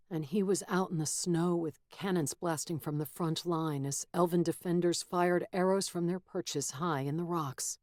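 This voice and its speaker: A woman narrating a fantasy audiobook in a measured, steady storytelling manner, close to a studio mic. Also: lowish voice, no echo. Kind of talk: scripted narration.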